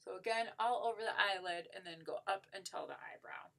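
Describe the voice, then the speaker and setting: Bubbly woman doing a casual makeup how-to, gushy, lots of like and so, bright sharp tone. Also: mid-range voice, a little fast, creaky. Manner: upbeat and gushing, with many "like" and "so" fillers. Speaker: makeup tutorial presenter. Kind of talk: casual makeup tutorial, demonstrating on herself.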